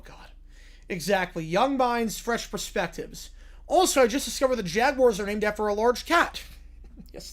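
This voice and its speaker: A male streamer chats on a live reaction stream. His pitch swings widely as he goes from goofy bits to dry, deadpan asides. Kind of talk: livestream reaction chat.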